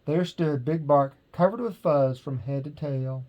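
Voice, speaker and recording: A man reading a children's bedtime story aloud in a gentle manner. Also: on the high side, measured pace, highs cut off.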